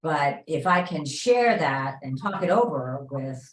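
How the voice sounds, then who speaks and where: A woman's voice: deep voice, lively intonation, unhurried, roomy sound, rough recording. A woman in a church class discussion, speaking in a searching way that trails off. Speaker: class member.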